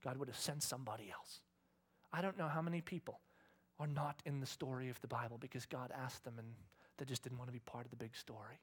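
A middle-aged man delivers a sermon with a husky, slightly breathy voice. He preaches with fervor, swinging between raised, urgent lines and hushed, whispered appeals. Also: mid-range voice, steady tone, quick pace. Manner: impassioned, dropping often to a breathy whisper. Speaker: pastor.

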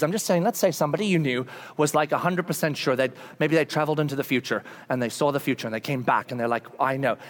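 A man preaching a casual, conversational sermon, acting out quotes with big jumps in his voice. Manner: animated, acts out voices with big pitch jumps; casual and conversational, with fillers and restarts. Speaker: pastor.

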